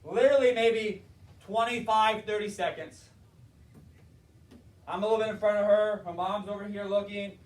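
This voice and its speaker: A man's voice: high-pitched, fairly even intonation, moderate pace, long pauses. A man telling a story in an impassioned motivational talk on leadership. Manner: impassioned storytelling, acts out characters. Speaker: motivational speaker, school board member. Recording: roomy, distant mic.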